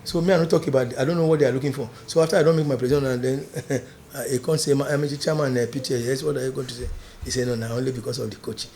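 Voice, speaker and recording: An older Nigerian man in an interview, telling a long story in a mix of pidgin and English, dropping to a low murmur and then rising loud and emphatic. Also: steady tone, rapid-fire, hardly any pauses, slight background noise. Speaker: interview guest.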